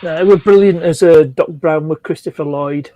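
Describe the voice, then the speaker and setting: A man's voice: fairly high pitch, moderate pace, dull audio. A man on a live-stream chat telling old jokes and laughing at his own lines. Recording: faint background noise.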